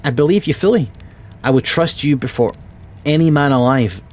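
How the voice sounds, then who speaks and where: A man's voice: medium pitch, moderate pace, close to an everyday voice. A Scottish man reading as a pleading Edinburgh doctor. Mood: earnest. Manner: warm, pleading, heartfelt. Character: kindly middle-aged male doctor, pleading and troubled.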